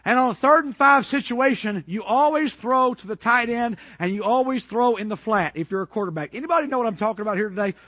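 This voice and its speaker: A male preacher from Georgia telling a story in a sermon, animated and building to shouted peaks, on a worn microphone. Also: extremely high pitch, fast talker, few pauses, no room sound, muffled recording.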